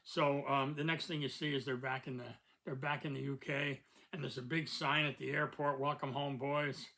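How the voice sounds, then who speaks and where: A man's voice: medium pitch, little pitch movement, moderate pace, sharp tone, low-quality recording. An older man from the United States, hosting a casual review talk and rambling with many fillers and restarts. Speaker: host.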